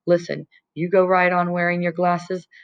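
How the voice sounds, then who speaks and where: A woman voicing a kind teenage boy who talks gently and reassuringly. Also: on the low side, completely flat delivery, normal speed, clean tone, highs cut off, close to an everyday voice. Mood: gentle.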